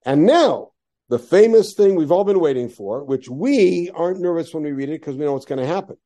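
A man's voice: fairly high pitch, warm tone. A man teaching a class on a biblical text, reading Hebrew verses aloud and explaining them with rhetorical questions. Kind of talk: classroom Torah lesson.

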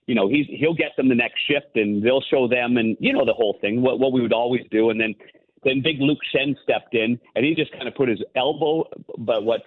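A former goalie turned hockey analyst, a man, calling in and telling rambling anecdotes full of restarts. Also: mid-range voice. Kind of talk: casual phone-in interview. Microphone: phone. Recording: tinny phone line.

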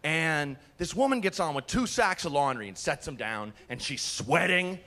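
A man from Portland doing a stand-up comedy set, telling animated stories and acting out characters, with swearing. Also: a little high, normal speed. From Portland, USA. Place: comedy club stage.

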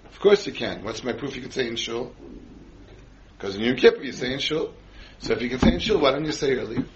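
A man's voice: mid-range voice, animated, brisk, lo-fi sound, noisy background. Man giving a Torah class, full of questions. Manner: quizzes the audience with frequent questions. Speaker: rabbi teaching a class.

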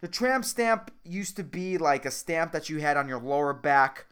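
A young man hosting a solo podcast, telling a story in a casual, excitable way, swearing a lot and calling the listener dude. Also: a little high, normal speed, smooth. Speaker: podcast host.

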